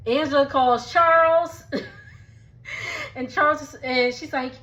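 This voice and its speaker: A woman giving a casual, gossipy recap of a reality TV episode, chatty and quick to laugh. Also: sits high, sharp tone. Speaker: TV recap vlogger. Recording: dull lo-fi sound.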